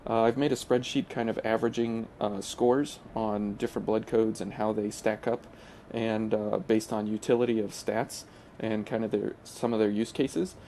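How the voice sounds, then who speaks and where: A man hosting a gaming channel, talking through gameplay in a casual, hesitant way with many pauses and restarts. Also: fairly low pitch, little pitch movement, mellow, slight background noise. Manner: hesitant, full of uh fillers and restarts.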